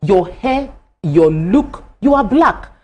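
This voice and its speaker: A woman's voice: mid-range voice, expressive, slow, darkish tone, breathy edge. A Nigerian woman panelist on a TV talk show, arguing with passion and often restarting her phrases. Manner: impassioned, emphatic, restarts phrases. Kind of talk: studio discussion.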